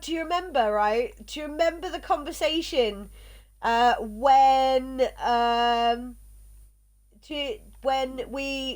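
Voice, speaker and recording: Slow-talking Somerset woman with a slight lisp. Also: high voice. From South West England. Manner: chatty, rambling, laughs often. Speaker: game streamer. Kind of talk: casual chat while gaming.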